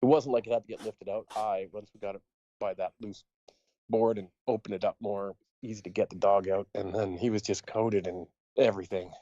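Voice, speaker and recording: A man's voice: on the low side, steady tone, brisk, dark tone, no room sound, lo-fi sound. Man telling a rambling camp story. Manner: rambling anecdote, laughing often. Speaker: podcast co-host. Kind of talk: casual storytelling chat.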